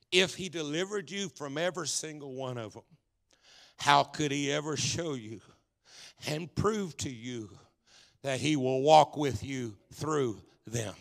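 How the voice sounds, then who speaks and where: A male pastor preaching a Pentecostal sermon at a live church service, building to shouted, drawn-out refrains. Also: on the high side, vocal fry.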